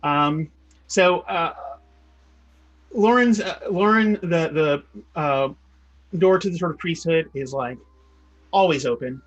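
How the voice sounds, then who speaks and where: A man's voice: fairly high pitch, slow, pauses often, muffled recording. A man narrating a tabletop game as game master, rambling and restarting often. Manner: rambling, full of fillers and restarts.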